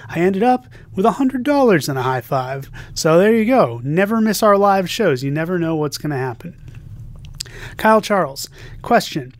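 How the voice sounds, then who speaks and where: He has a high voice and sounds very animated, moving at a moderate pace. As a podcast co-host, he reads listener messages aloud with playful emphasis and jokes about them in easygoing chat.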